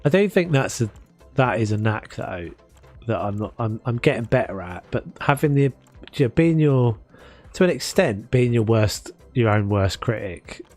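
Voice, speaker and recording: A gaming streamer with a South London accent gives casual gameplay commentary while building in a game, rambling and self-mocking. His mid-range voice is expressive with a darkish tone and moderate pace, over soft background music.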